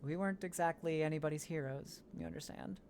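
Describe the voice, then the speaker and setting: A woman voicing a weary former mercenary father in a game, reading his lines softly and quietly. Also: sits low, fast talker, vocal fry, slight background noise. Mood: subdued. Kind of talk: reading game dialogue aloud.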